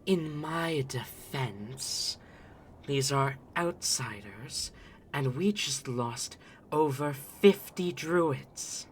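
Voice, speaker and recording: A man voicing a defiant female cat-folk warrior, speaking slowly and defensively. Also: medium pitch, lively intonation, slight background noise, voice pushed up. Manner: slow, deliberate, defensive.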